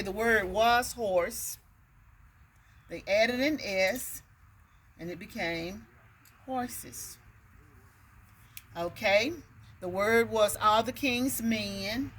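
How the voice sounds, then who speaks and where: A woman teacher walks parents through a reading lesson at a slow, careful pace. She sounds out words one by one and keeps checking in with "okay." A faint hiss of noise sits behind her voice. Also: mid-range voice, a bit bright.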